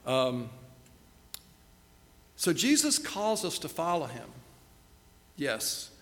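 A man's voice: a little high, big pitch swings, extremely slow, a bit bright. A middle-aged man telling a self-deprecating story in a sermon. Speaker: pastor. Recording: long hall reverb.

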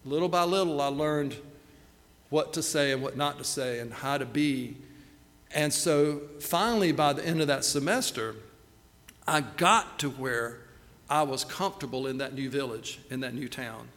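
A man's voice: mid-range voice, moderate pace, a bit bright. A middle-aged man telling a self-deprecating story in a sermon. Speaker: pastor. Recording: long hall reverb.

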